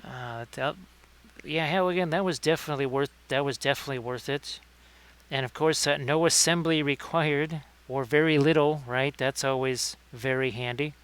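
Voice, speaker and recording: A man's voice: a little high, steady tone, moderate pace, a bit bright, smooth. A man hosting a casual livestream painting tutorial, chatting with viewers by name between painting tips. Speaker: miniature painting streamer.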